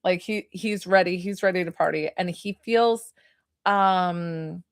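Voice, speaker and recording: A woman's voice: lowish voice, a little slow, dry recording. Chatty woman medium, dry sound. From New York. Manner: chatty, heavy on "like" fillers. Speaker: psychic medium. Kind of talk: live psychic reading.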